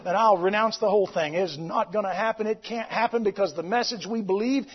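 A man preaching a fiery sermon, shouting with passion and then dropping into casual storytelling. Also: high voice, a little fast, muffled recording, slight background noise. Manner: impassioned, shouting, drops to storytelling.

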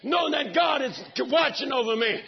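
A middle-aged man with a raspy, gravelly voice, preaching a sermon that swings from soft talk to shouts. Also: extremely high pitch, expressive, moderate pace, highs cut off, some chatter behind. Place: church sanctuary.

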